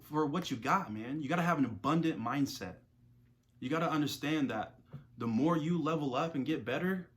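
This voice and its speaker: A young man speaking to camera as a self-improvement creator, giving a casual motivational talk full of slang and repeated phrases. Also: mid-range voice.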